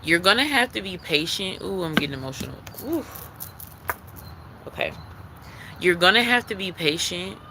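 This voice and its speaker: A man's voice: high-pitched, expressive, normal speed, pauses often, pushed and bright, slight background noise, poor audio. A man giving a live-streamed spiritual tarot card reading, talking in an earnest, repetitive way that leans on emphasis like a preacher.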